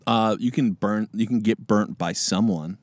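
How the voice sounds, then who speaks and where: A man's voice: on the low side, normal speed, dry recording. A man co-hosting a comedy podcast in casual chat, riffing and laughing a lot. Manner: giggly, riffing, lots of laughter. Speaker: podcast co-host.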